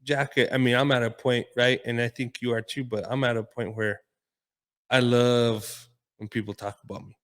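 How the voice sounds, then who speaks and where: Male guest, easygoing chat, quick to laugh, talks in everyday examples. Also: mid-range voice, little pitch movement. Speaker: podcast guest. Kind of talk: casual podcast chat.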